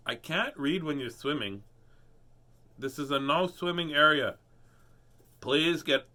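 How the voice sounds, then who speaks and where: A man's voice: a little high, slow pace, pauses often, bright, forceful tone. A man hosting a casual live read-aloud of children's books, playful and goofy, often laughing at himself. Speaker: host reading children's books.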